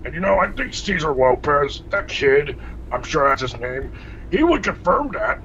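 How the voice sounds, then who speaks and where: Mocking male caller, bright voice, lo-fi line. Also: on the high side, very animated, normal speed. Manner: mocking, teasing. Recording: dull lo-fi call with faint noise.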